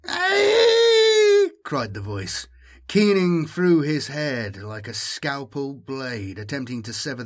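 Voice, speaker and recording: A man narrating an audiobook in a measured, dramatic manner. His voice is husky and sits at an ordinary pitch. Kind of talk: scripted narration.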